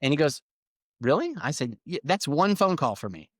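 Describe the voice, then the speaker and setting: A middle-aged man telling business stories in a casual interview, acting out quoted lines with lively swings. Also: a little high, a little fast, no room sound. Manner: animated storyteller, acts out quoted lines. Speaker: podcast guest.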